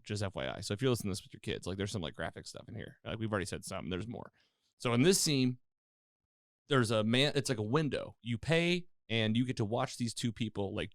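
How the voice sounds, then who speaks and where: Speaking at a medium pitch, this man hosts a podcast where he breezily goes over a TV episode, voicing the characters' quoted lines with animation. There's no room sound, and the audio is clean studio quality.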